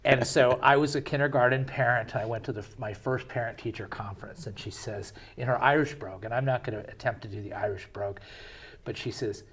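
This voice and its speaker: A man's voice: mid-range voice, fast talker, fairly bright tone, husky. A middle-aged man hosting an interview show, asking questions and telling anecdotes in a chatty, conversational way. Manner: conversational storyteller, chatty with fillers. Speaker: show host.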